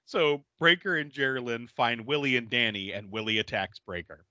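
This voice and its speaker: A man hosting a podcast, casually recapping a horror film with animated storytelling and frequent laughter. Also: medium pitch, normal speed, dry recording, dull audio. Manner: animated storyteller, acting out quotes and laughing often. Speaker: podcast host. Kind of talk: casual movie recap chat.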